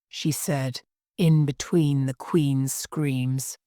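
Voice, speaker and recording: A woman's voice: rumbling low, steady tone, slow pace, a little mellow, no echo, clean studio sound. A woman reading a story aloud carefully for English learners.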